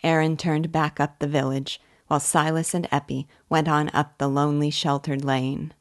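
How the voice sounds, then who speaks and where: Woman narrator, low and measured, reading a classic novel aloud for students. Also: little pitch movement. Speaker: literature teacher.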